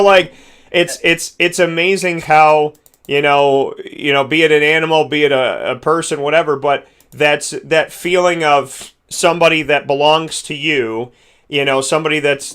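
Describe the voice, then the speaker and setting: Male podcast host with a bright voice; earnest, rambling, heartfelt delivery. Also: mid-range voice, clear, resonant tone. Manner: earnest, rambling with many restarts.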